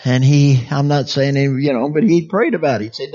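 A man preaches in a relaxed, folksy way, chuckling often as he talks. His voice sits fairly high and swings between bright, raised phrases and near-whispered asides. The recording sounds dull and lo-fi. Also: normal speed, husky. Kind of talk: sermon.

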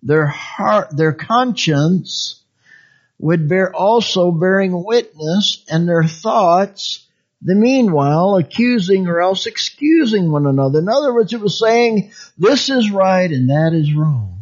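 A man's voice: expressive, slow. Folksy preacher man, lo-fi sound. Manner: conversational, folksy, chuckles often, swings high and soft. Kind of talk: sermon. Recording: dull lo-fi sound.

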